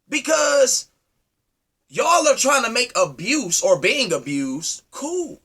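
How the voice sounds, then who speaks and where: A man delivering an impassioned, preachy monologue, firing rhetorical questions at his listeners and swinging from loud to low. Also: big pitch swings, slow pace, creaky, husky. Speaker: speaker addressing his community.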